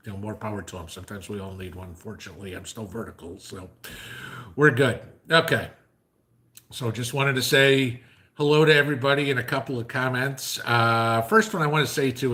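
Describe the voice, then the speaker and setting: A man's voice: on the low side, fairly bright tone. A man hosting a casual livestream who talks in a loose, rambling way, full of fillers, and tells jokes. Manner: rambling, filler-heavy, joke-telling. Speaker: livestream host.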